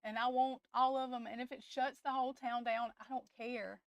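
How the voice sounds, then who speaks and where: The recording is clean but muffled, with no room sound, and her high voice moves little in pitch. A tarot livestream host, she is near tears and impassioned, breaking off, restarting, and speaking to "y'all" during emotional live-stream chat.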